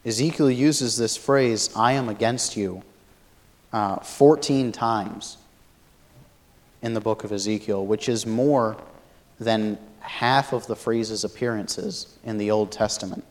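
A man giving a Bible study lecture, explaining a passage thoughtfully and pausing often to search for words. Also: lowish voice. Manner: thoughtful, many fillers and restarts, explanatory. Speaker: Bible teacher.

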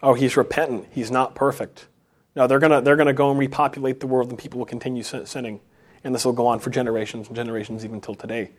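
Man, sermon, halting delivery, frequent restarts, mid-pitched voice. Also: level tone. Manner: halting, with many restarts and rising emphasis. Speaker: preacher. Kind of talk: unscripted sermon.

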